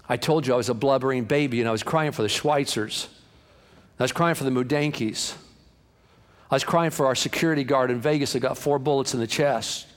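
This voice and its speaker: A man preaching a sermon as pastor, impassioned, swinging between hushed and loud passages. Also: mid-range voice, expressive, fast talker, some chatter behind. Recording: long hall reverb.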